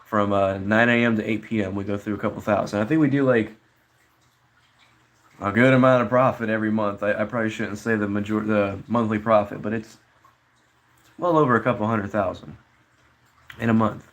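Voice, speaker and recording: A man's voice: on the low side, fairly even intonation, fairly quick, pauses often. A young man casually chatting on a live stream, reading chat messages aloud and answering them in a laid-back way.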